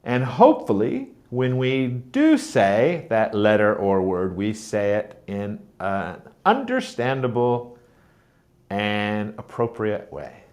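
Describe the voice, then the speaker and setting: A man's voice: lowish voice, very animated, takes it slowly, darkish tone. An American man, a teacher trainer, giving an instructional video lesson on pronunciation and repeating words to model the sounds. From United States.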